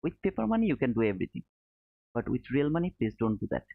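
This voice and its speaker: A man's voice: mid-range voice, very animated, quick pace. Male trading streamer, mid-range voice, tinny lo-fi audio, casual step-by-step chart commentary. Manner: explains step by step, repeats points, calls viewers brother. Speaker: trading educator streaming live. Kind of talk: live chart commentary answering chat. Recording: narrow phone-like audio.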